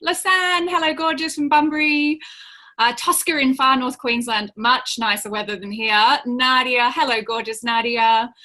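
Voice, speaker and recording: A woman hosting a live spiritual webinar from home, greeting viewers warmly by name. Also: high-pitched, fairly even intonation, normal speed. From Australia. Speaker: webinar host, spiritual teacher. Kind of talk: live online webinar talk.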